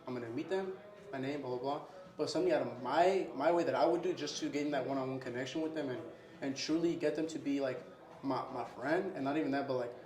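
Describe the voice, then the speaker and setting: A fairly high-pitched, slightly mellow voice belongs to a young man interviewed casually in his own restaurant, where the sound reverberates. He uses "bro" a lot and acts out little scenes with his customers.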